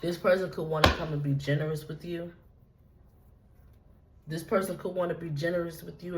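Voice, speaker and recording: A woman's voice: fairly low pitch, little pitch movement, moderate pace, pauses often, darkish tone, low-quality recording. A woman giving a casual tarot reading, talking straight to her viewers in a loose, repetitive, profane way. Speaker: tarot reader.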